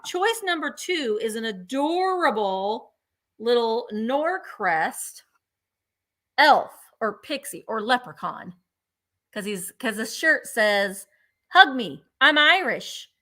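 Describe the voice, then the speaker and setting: Hosting a vintage sale on a live stream, this woman gushes happily about each piece as she shows it. She speaks unhurriedly in a fairly bright, somewhat high voice with lively intonation.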